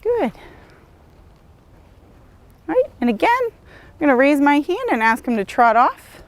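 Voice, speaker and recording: A woman horse trainer calmly demonstrating lunge work outdoors, encouraging and steady as she explains each step. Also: high voice, unhurried, no room sound. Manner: calm, encouraging, praises the horse often. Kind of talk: instructional demonstration.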